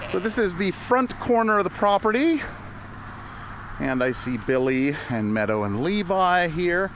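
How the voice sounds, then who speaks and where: A man giving a relaxed walking tour of his farm, chatting, laughing often and greeting animals along the way. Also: medium pitch, noisy background. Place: outdoors on a farm, in woods and fields.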